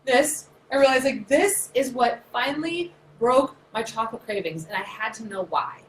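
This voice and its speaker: A woman in her thirties, a naturopath, explaining science in a chatty, animated, nerdy way. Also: fairly high pitch, moderate pace. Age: 30s. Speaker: naturopath presenter. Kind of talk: casual explanatory talk. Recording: echoey room, faint noise.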